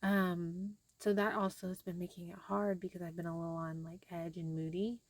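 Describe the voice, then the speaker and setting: Tired young mom rambling to camera. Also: female voice, lowish voice, flat delivery, normal speed, darkish tone, dry recording. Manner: rambling, frequent fillers. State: tired and frustrated. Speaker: vlogger. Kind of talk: casual talk to camera.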